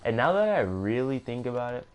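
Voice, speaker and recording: A man's voice: mid-range voice, very animated, fairly quick, a little hiss or hum. A young man casually narrating a storytime, rambling with self-corrections and joking asides. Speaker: gaming streamer.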